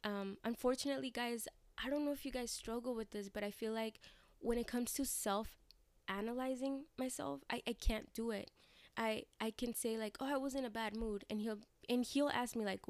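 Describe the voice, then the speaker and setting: Young female vlogger, candid confessional ramble, crisp voice, dry close sound. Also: a little high, steady tone, moderate pace, no room sound. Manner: rambling, frank, frequent fillers and restarts; swears casually. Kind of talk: candid personal vlog talk.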